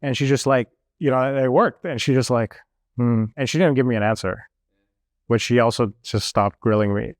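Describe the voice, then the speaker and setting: A young man recounts a trip in easy, animated chat, his voice sitting in a middle register. He stumbles through fillers and slips into quick impressions of the people he met. The sound is dry and close. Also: medium pitch, no room sound. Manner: animated, lots of fillers, mimics officials. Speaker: guest telling a travel story. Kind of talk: casual storytelling.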